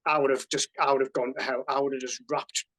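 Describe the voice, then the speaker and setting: A man's voice: mid-range voice, level tone, quick pace, fairly bright tone, low-quality recording. Swearing man telling a story. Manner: swears freely, acts out quoted dialogue in a raised voice. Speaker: podcast guest, army veteran. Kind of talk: casual storytelling.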